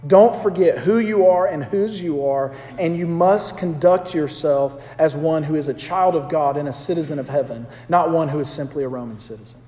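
A man's voice: fairly high pitch, normal speed, few pauses, warm tone. A man in his thirties with a Southern US accent, preaching a conversational sermon and calling out to the congregation. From American South. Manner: conversational storytelling with congregation call-outs. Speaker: pastor. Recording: echoey hall.

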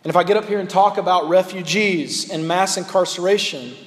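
A pastor preaching a sermon in a candid, conversational way, building points by repetition. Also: male voice, high voice, fairly quick. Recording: long reverb of a large hall.

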